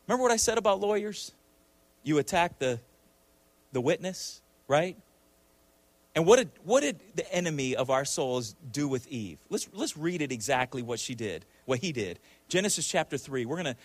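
Male preacher, fairly high voice, emphatic sermon delivery with repeated words. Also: no echo. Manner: emphatic, with frequent rhetorical questions and repeated words.

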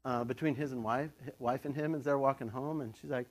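A middle-aged man giving a casual, conversational sermon, telling the story with lively asides and laughter. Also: medium pitch, quick pace, hardly any pauses. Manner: animated storytelling, acts out quoted voices, laughs often. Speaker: pastor.

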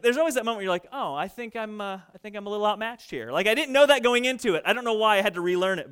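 A young adult man preaching a sermon, telling a story in an animated, conversational way to his congregation. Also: sits high, clean tone. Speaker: pastor. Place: church sanctuary.

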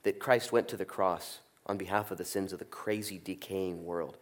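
A middle-aged man preaching a sermon, animated, jumping from loud peaks down to soft asides. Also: low-pitched, normal speed. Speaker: pastor. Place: church sanctuary.

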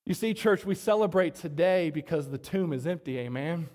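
A man with a high voice preaches a sermon, now and then asking the church to agree with him. He rises to loud emphasis and then drops to quiet, low asides. His voice carries a long reverb, as in a big hall. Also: fairly quick, hardly any pauses. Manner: call-and-response, asking the congregation to agree; dynamic, swinging between loud emphasis and soft low asides. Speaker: pastor.

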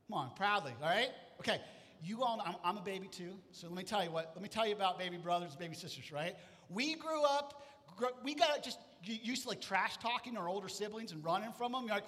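A man preaching a sermon, telling a story with lively acted-out voices. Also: high voice. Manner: animated storytelling, acting out voices. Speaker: pastor. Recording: hall reverb.

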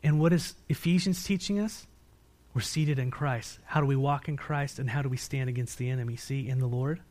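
An American man preaching a sermon as pastor, asking his congregation questions and answering them himself, moving between loud emphatic peaks and quiet low-voiced stretches. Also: a little fast.

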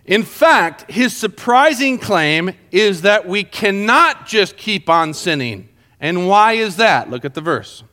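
A man with a high voice teaches a Bible lesson to a small group. His pitch swings widely as he explains the verses. He keeps checking in with his listeners to make sure they are following. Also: lively intonation, slow, bright, forceful tone.

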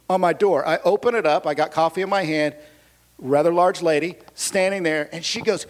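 A man's voice: sits high, normal speed. A man preaching a sermon, telling a humorous personal story with asides and questions to the audience. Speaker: pastor.

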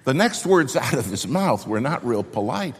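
A man preaching a sermon, telling a story with lively acted-out dialogue and dropping to a slow, hushed voice to make a point. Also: medium pitch, slightly rough. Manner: animated storyteller who acts out both sides of a conversation; drops to a slow, hushed voice for emphasis. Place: church sanctuary. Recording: long reverb of a large hall.

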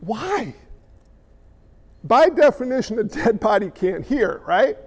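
A man preaching a sermon as a pastor, animated, with quick asides to the congregation. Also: extremely high pitch, lo-fi sound.

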